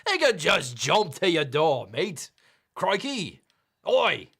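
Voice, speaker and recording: A man putting on a hammy mock Australian accent that slips toward lower-class English, playing a cheerful bloke who tacks catchphrases onto everything. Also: very animated, slow pace, fairly bright tone, breathy edge, full character voice. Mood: jokey. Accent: mock Australian, slipping toward lower-class English. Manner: over-the-top, sing-song, tacks on catchphrases.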